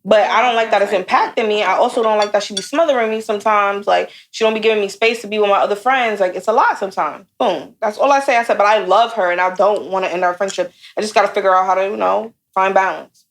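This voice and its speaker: A young woman co-hosting a casual podcast, telling a personal story. She talks bluntly and curses freely, and she gets animated as the story builds. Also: medium pitch, fast. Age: young adult. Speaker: podcast co-host.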